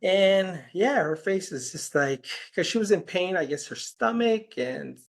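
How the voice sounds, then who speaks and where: A man with a somewhat high voice is a guest in an interview. He tells his story in a loose, rambling way. He keeps slipping into the voices of the people in it as he quotes them. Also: expressive, a little slow, vocal fry. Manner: rambling anecdotes, quoting conversations with "I'm like". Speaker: healer and podcast guest.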